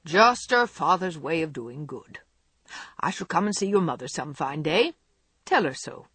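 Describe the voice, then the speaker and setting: A gruff old gentleman speaks in short, abrupt phrases, as a reader puts him on. His voice is husky and dry, with lively swings in pitch. He is stern on the surface but kindly underneath. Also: measured pace, dry recording, heavily acted. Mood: brisk. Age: older.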